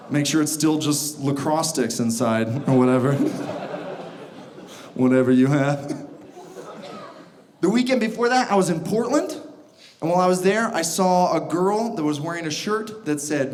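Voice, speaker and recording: A young man doing a stand-up comedy set on a club stage, sarcastic and animated, acting out bits in exaggerated voices. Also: a little high. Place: comedy club stage before a laughing audience. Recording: roomy stage sound with audience noise.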